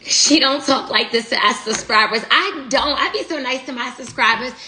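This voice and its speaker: A woman's voice: a little high, moderate pace, pushed and bright. A woman giving a casual live tarot reading, blunt and slangy, talking straight to her viewers. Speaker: tarot reader. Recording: echoey room, faint noise.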